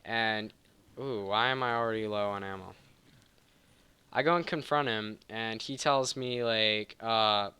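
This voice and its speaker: A gaming channel host, a man with a fairly low voice, talks a little slowly in a pushed, bright, clean tone over gameplay. He rambles through a heated personal story, casual and profane, frequently stopping to correct himself. The recording is dry.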